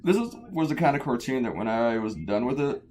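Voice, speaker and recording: A man's voice: mid-range voice, expressive, a little fast, darkish tone. A tired man from the United States, a cartoonist chatting casually and rambling off topic while he draws. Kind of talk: casual chat while drawing.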